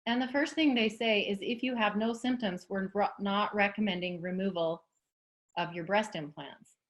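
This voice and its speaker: A woman's voice: mid-range voice, normal speed. Supportive woman interviewer. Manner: supportive, reads out information, agrees often. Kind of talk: conversational interview.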